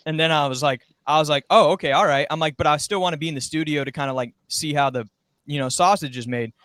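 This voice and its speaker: A man's voice: a little high, fast talker, fairly bright tone, dry recording. A young man and former podcast intern, telling a rambling story in casual chat and acting out quoted lines.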